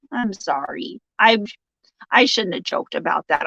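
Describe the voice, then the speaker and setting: A woman's voice: fairly high pitch, big pitch swings, takes it slowly, creaky, fairly bright tone, no echo, poor audio. A woman hosting a casual live stream, reading out viewer comments, joking and laughing often and turning sympathetic when someone shares bad news. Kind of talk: casual chat.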